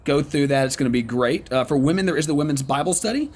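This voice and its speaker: This man's voice is on the high side, a little mellow and husky, as he leads an online Bible study lesson. He is conversational and encouraging, with frequent ums and pauses.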